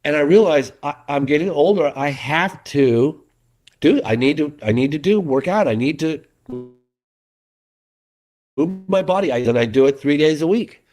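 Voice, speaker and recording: A middle-aged documentary filmmaker chatting as a guest in an interview, an animated and earnest storyteller. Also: male voice, fairly high pitch, moderate pace. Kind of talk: casual interview chat.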